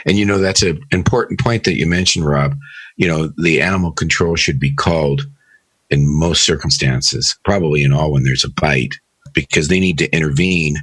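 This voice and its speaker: A man's voice: extremely low pitch, moderate pace, a bit bright, breathy edge, no echo. A man co-hosting a radio talk show, chatting casually and telling stories. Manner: chatty, anecdotal. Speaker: co-host lawyer.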